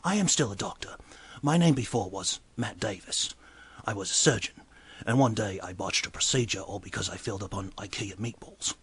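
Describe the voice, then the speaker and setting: A man voicing a quiet, secretive male scientist who speaks in flat, hushed whispers. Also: lowish voice, normal speed, breathy edge, heavily acted. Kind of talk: comedic character monologue.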